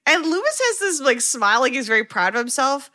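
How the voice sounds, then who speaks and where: A woman hosting a podcast, casually retelling a film scene by scene with animated delivery and some swearing. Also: sits high, a little fast. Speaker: podcast host recapping a film. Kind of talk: casual chat.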